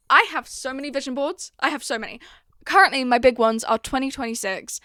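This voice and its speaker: A woman's voice: high voice, expressive, fast, bright, forceful tone, no echo, studio quality. A young woman hosting her own podcast in casual chat, confiding and chatty, acting out her own stories as she goes. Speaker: podcast host.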